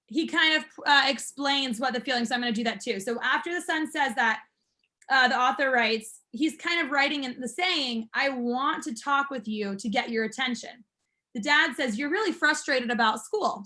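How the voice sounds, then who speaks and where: Woman instructor, high pitched, upbeat, encouraging, explains step by step. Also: bright, forceful tone. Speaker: martial arts school instructor. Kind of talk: classroom teaching.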